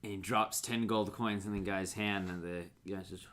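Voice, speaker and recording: A man's voice: lowish voice, normal speed. A man narrating as game master in a tabletop role-play session, telling the scene vividly. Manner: animated, vivid storytelling.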